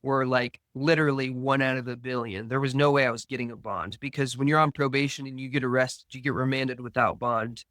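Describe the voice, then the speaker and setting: A podcast guest slowly and earnestly tells a personal recovery story, acting out dialogue he remembers. His medium-pitched voice is steady and a bit bright, with no room sound.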